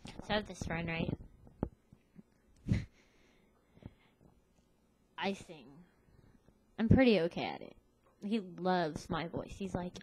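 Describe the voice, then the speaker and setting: A young woman ranting casually to camera, sassy and animated, acting out the voices of people she quotes. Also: on the low side, slow, pauses often, a little hiss or hum, low-quality recording. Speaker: vlogger.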